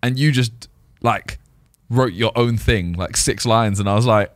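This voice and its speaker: A man's voice: lowish voice, a little slow, dry recording, studio quality. A man hosting a casual podcast, telling stories in a self-deprecating way and laughing often. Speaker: podcast host.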